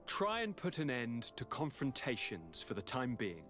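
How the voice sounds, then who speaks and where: An actor playing a courteous noble governor who speaks in a measured, courtly way. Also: male voice, mid-range voice, wildly swooping pitch, a bit bright, faint music behind. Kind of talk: video game dialogue.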